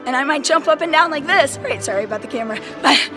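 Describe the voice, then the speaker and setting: A woman band director explaining classroom routines to other teachers in an animated way, often checking in with "right?" She says she is a little sick. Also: high-pitched, brisk, over music. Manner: animated, enthusiastic, keeps checking in with "right?" and "okay?". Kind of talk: casual how-to lesson to camera. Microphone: handheld phone.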